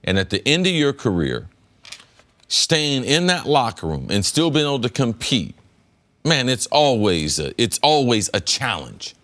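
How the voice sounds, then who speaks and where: A man's voice: mid-range voice, very animated, a little slow, fairly bright tone. A middle-aged man, a former pro athlete, giving emphatic sports debate commentary and repeating words as he builds his point. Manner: emphatic, repeats words, rises sharply when making a point. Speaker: former pro football player turned analyst.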